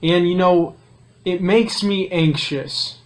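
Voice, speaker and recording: A man's voice: sits high, slow. A man in an emotional confession, hesitant and self-critical, sighing between words. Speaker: guest.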